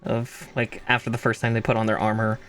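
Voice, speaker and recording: A man chatting casually as a co-host on a stream, agreeable and quick to laugh. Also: lowish voice, monotone, a bit bright, soft background music. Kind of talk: casual chat.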